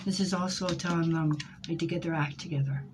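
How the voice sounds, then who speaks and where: A woman with a fairly low voice gives a live tarot reading, talking through the cards in an emotional, rambling way. Steady background noise sits under her voice throughout. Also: a little fast. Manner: emotional, rambling, addresses viewers by name. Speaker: tarot reader.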